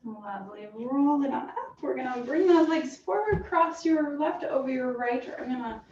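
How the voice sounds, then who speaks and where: A woman fitness instructor calmly cueing a stretching class with encouraging guidance. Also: high-pitched, normal speed. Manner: calm, encouraging cueing with soft breathy asides. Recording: roomy, distant, dull sound with faint hiss.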